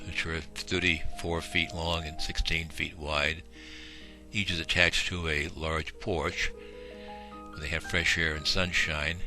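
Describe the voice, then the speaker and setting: A man with a very low, deep voice narrates a home video in a folksy, rambling manner, filling gaps with small fillers. Music plays steadily behind the voice. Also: bright, forceful tone. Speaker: shelter volunteer and video narrator.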